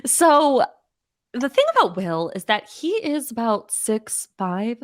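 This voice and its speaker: A woman's voice: fairly high pitch, big pitch swings, no room sound, studio quality. A young woman hosting a pop culture podcast, playful and teasing in casual chat. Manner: playful, quick to laugh, teasing. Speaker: podcast host.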